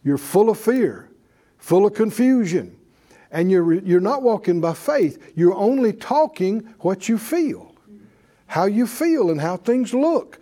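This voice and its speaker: A man's voice: high voice, big pitch swings, slow, mellow. A man preaching a sermon, leading the congregation in call-and-response.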